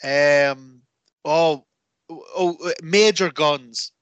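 A man co-hosting a podcast, telling rambling, animated stories in casual chat with lots of fillers. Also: a little high, very slow, clean tone, dry recording. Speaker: podcast co-host.

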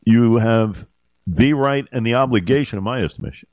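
A man hosting a talk radio show, speaking haltingly with many fillers and growing heated on politics. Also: mid-range voice, expressive, a little mellow, no room sound. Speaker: radio host.

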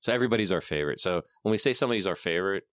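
Guy hosting a podcast, middle-aged, super low voice, teasing and cussing. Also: lively intonation, rapid-fire, a bit bright, no echo. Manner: dry, teasing, swears freely. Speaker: podcast host. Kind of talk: casual chat.

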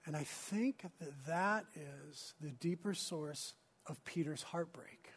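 A man preaching a sermon as pastor, earnest, moving between urgent emphasis and hushed near-whispers. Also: fairly high pitch, slow, breathy edge.

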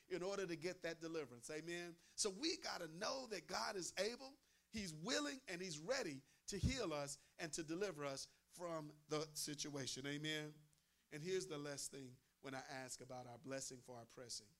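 A man delivers a sermon with a high, bright voice that turns gravelly at the edges. He preaches emphatically, piling up repeated phrases and checking in with the congregation. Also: normal speed. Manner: emphatic, repeats phrases, asks the crowd "amen?".

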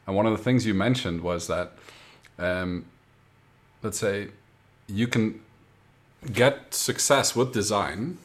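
Lower-voiced man asking thoughtful questions. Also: slow, pauses often. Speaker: podcast host. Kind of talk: casual interview.

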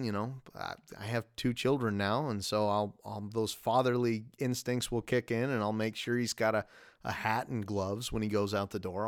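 A man in his thirties rambles through a casual solo podcast episode, often laughing at himself. His voice is smooth and resonant at an ordinary middle pitch. It is recorded dry and close on a podcast mic. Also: no echo. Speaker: podcast host.

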